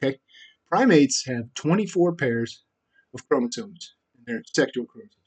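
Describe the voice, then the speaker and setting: A man talking straight to camera in a rambling, profane monologue that keeps jumping to louder, higher bursts. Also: lively intonation, moderate pace, breathy edge. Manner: rambling, profane, with sudden loud rises. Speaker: vlogger.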